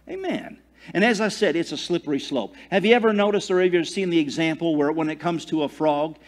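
A man preaching a sermon in a fairly high voice. He swings from loud declarations to hushed near-whispers and breaks in with jokes. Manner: tells jokes and laughs at himself. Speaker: pastor.

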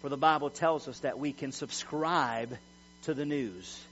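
A man's voice: mid-range voice, measured pace, a bit bright. Emphatic folksy preacher man, lo-fi hum. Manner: emphatic, folksy, repeats words. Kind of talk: sermon with personal stories. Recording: dull lo-fi recording with mains hum.

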